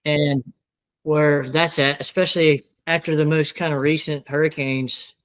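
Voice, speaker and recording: A man's voice: a little high, little pitch movement, measured pace, fairly bright tone, poor audio. A young man from South Louisiana with a twangy Southern accent, a podcast guest who rambles casually and swears a lot. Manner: rambling, profane, full of fillers. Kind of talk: casual chat.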